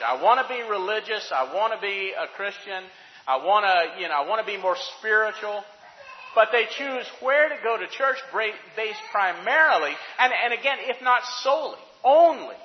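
A man preaching a sermon, emphatic and full of rhetorical questions, in a church sanctuary. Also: high voice. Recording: dull, echoey hall recording.

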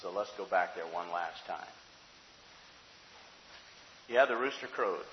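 Male preacher, dramatic storytelling sermon, hushed to fervent, roomy echo, dull lo-fi sound. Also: low-pitched, takes it slowly, slight background noise. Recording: echoey hall, dull sound.

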